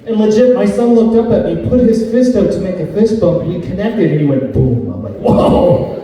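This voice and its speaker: A man's voice: high voice, fast, dark tone, heavy reverb, big-room sound, recorded from a distance, low-quality recording. A man from Canada in his thirties doing a conversational stand-up comedy set, often tagging his lines with "right?". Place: comedy club stage.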